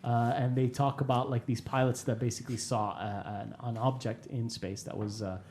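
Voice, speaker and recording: Speaking into a studio microphone with headphones, a podcast host chats casually, swearing freely and laughing often. His medium-pitched voice is a little mellow with fairly even intonation and a moderate pace, and there's a little hiss or hum.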